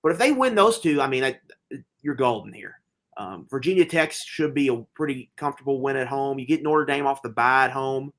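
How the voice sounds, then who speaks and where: A man co-hosting a podcast, giving college football predictions in casual sports betting chat, speaking in quick bursts of emphasis. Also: medium pitch, lively intonation, fairly bright tone. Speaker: podcast co-host.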